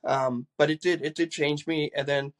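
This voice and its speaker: A man's voice: on the high side, steady tone, normal speed. An older man, a retired police chief, earnestly recounting personal experiences in a conversation, often repeating words as he goes.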